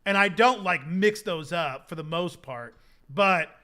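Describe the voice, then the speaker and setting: Man, young adult, streamer, casual rambling chat, high pitch, bright tone. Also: unhurried. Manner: rambling, lots of fillers like "like" and repeats. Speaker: streamer hosting a game server giveaway.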